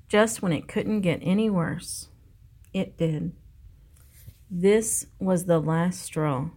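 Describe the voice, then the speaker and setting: Unhurried woman reading a picture book. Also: on the low side, darkish tone. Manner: slow and clear. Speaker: librarian. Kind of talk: children's picture book read-aloud.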